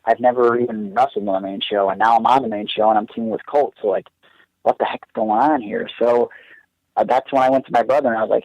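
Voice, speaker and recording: A young man with a somewhat low voice tells a long personal story in a loose, rambling way, full of "like" and restarts. The audio is dry and a bit dull, like a lo-fi podcast recording. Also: fairly even intonation, fast talker, no echo. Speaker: podcast guest, pro wrestler. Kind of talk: casual storytelling.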